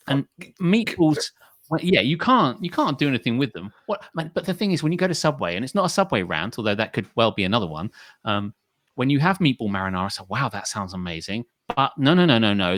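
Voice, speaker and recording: A man ranting on a podcast, his pitch swinging widely as he builds each comic complaint. He swears freely, and the sound is dry and close. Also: dry recording. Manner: animated, sweary, comic rants. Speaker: podcast co-host. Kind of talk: casual ranting chat.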